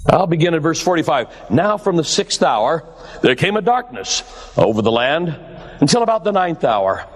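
Male pastor preaching, high voice, slow and emphatic, long echo like a big hall. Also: big pitch swings. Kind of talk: sermon.

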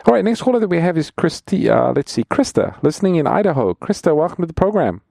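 A man's voice: on the high side, very animated, fast talker, vocal fry, darkish tone, no room sound, clean studio sound. A man co-hosting a radio Bible call-in show, upbeat as he reads out offers, introduces callers and adds teaching points. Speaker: co-host pastor.

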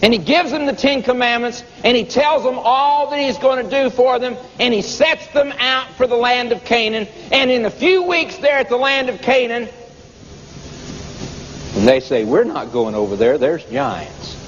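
A man's voice: very high voice, normal speed, hardly any pauses, a bit bright. A man preaching a sermon with dramatic storytelling and fervent, pleading emphasis. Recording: dull lo-fi recording in a reverberant hall with background noise.

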